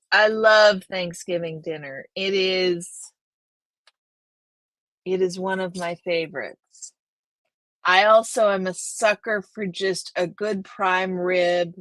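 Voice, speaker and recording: A woman's voice: on the low side, fairly bright tone, no echo. A woman hosting a casual live stream, chatting with viewers and reading their names aloud. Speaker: livestream host.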